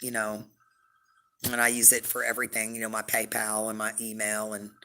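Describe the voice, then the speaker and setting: Woman chatting on her live stream, rambly, bright forceful voice, lots of you know and like. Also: very deep voice, monotone, a little fast. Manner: rambling, chatty, heavy on fillers; affectionate toward viewers. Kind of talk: casual live stream chat.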